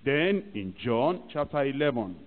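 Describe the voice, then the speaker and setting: A man's voice: medium pitch, very animated, measured pace. A man preaching a sermon emphatically and acting out little scenes from church life. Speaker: pastor. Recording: tinny archive recording in a reverberant hall.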